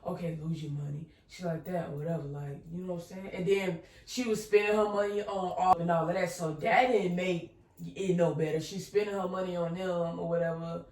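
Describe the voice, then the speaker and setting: A woman's voice: lowish voice, fairly even intonation, brisk, darkish tone, recorded from a distance. A young woman from South Carolina co-hosting, ranting heatedly with a lot of profanity. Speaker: co-host. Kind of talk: casual chat. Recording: echoey room, off-mic.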